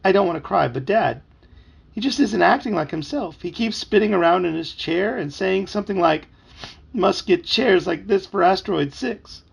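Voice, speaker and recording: A man voicing an upset young boy who pleads in a high, loud, urgent voice. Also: animated, moderate pace, creaky, husky, muffled recording, full character voice. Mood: tearful pleading.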